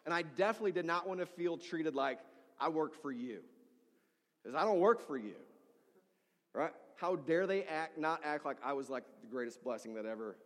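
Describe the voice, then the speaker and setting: A man's voice: on the high side, moderate pace. A middle-aged man, a pastor, preaching a sermon and telling stories animatedly, acting out the people in them. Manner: animated storytelling, acting out voices of people in his story. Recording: reverberant hall.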